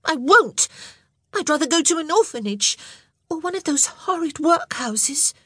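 A woman voicing a distraught, stubborn little girl with a shrill, pleading manner in an audiobook. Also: animated, unhurried, no echo, clean studio sound. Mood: mutinous.

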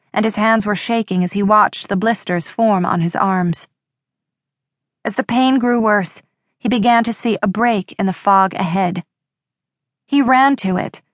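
A woman narrating a horror audiobook in a steady, measured storytelling voice. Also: mid-range voice, no room sound, studio quality.

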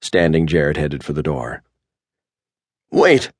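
A man with a very deep voice reads an audiobook in steady scripted narration. The sound is dry and close, with no room around it. His delivery stays low and even between the lines of dialogue. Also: normal speed, no room sound.

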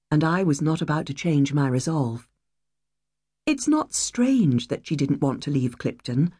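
Woman, audiobook narrator, low mellow voice, husky, lively intonation. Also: no echo, clean studio sound. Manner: measured, reflective, wistful. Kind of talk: first-person audiobook narration.

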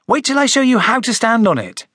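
A man doing a kind young girl in a children's storybook audiobook, his voice raised well above his own. She coaxes gently and patiently, recorded close and dry. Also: extremely high pitch, sing-song, a little fast, no echo, voice pushed up, full character voice. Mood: coaxing. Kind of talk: audiobook character voice.

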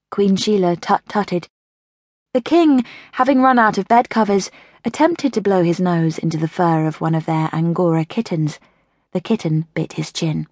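A woman narrating a children's audiobook in an unhurried storytelling way. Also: on the low side, a little mellow, dry recording, clean studio sound.

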